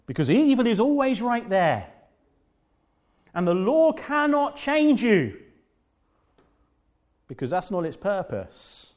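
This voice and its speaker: A man with a notably high speaking voice delivers a sermon from the pulpit. He preaches with fervour, repeating phrases and slowing down to press home key words. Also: big pitch swings, a little mellow. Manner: fervent preaching with emphatic repetition and slow drawn-out stresses. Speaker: pastor.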